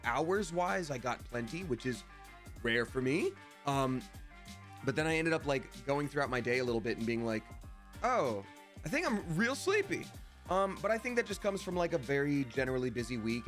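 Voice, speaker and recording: A man hosting a live game stream, chatting casually and cheerfully thanking viewers by name. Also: mid-range voice. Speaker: Twitch streamer and voice actor.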